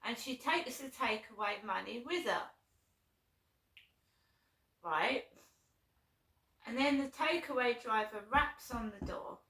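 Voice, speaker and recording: A woman's voice: on the high side, animated, slow, pauses often, a bit bright. A woman vlogging, telling a long aggrieved story in a rambling way and checking in with "right?". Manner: rambling aggrieved retelling, keeps asking "right?". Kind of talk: casual storytelling. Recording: roomy echo.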